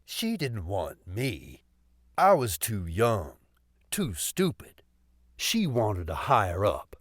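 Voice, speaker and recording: A man reading an audiobook voices a weary, rueful middle-aged cop and former radical, speaking slowly and heavily. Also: fairly low pitch, huge pitch swings, dry recording, studio quality, full character voice. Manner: slow, heavy, rueful. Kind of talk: audiobook character voice.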